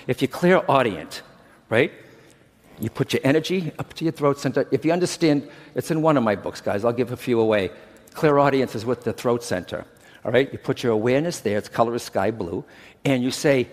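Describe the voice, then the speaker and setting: Middle-aged man, chatty conference speaker with a lively, bouncing delivery, long hall reverb. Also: mid-range voice, brisk. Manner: chatty, keeps checking in with the crowd. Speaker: medium teaching a workshop. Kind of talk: conference talk to a live audience.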